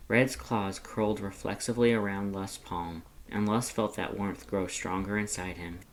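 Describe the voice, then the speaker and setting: A man gently reading a fan story aloud in an unhurried way. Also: fairly low pitch, little pitch movement, low-quality recording. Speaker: fanfiction reader. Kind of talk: read-aloud narration.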